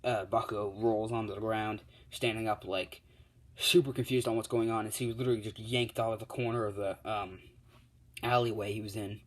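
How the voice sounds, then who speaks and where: A man's voice: fairly low pitch, level tone, fairly quick, low-quality recording. A man telling an improvised fan story in a casual, rambling way with many fillers.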